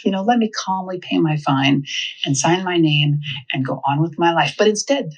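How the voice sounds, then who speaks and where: Woman, husky voice, animated seminar speaker, funny storytelling. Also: lowish voice, normal speed, lo-fi sound. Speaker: parenting speaker. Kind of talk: live seminar talk.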